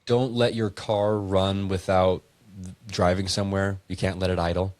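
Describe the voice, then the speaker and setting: Deep-voiced man riffing between scripture verses. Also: flat delivery, normal speed, very noisy. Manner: reads verses aloud, then riffs with wordplay jokes. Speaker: podcast co-host. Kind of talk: casual comedic podcast chat with scripture reading.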